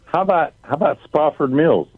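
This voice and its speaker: A man calling a radio show, folksy and unhurried. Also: on the high side, lively intonation, husky, no room sound. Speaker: radio caller. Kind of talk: phone call to radio. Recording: tinny phone line.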